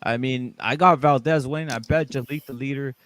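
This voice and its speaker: A man hosts a casual online panel show. He is animated and upbeat, greeting guests and bantering with them. His voice sits at an ordinary middle pitch. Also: brisk, no room sound. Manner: animated, hypes and greets callers. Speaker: show host. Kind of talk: casual podcast chat.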